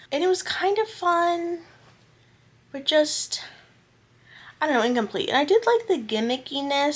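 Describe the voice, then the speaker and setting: A woman's voice: fairly high pitch, fairly bright tone. Chatty young woman vlogging about books. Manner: chatty, self-deprecating, rambling asides. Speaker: book vlogger. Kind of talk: casual chat. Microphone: camera mic.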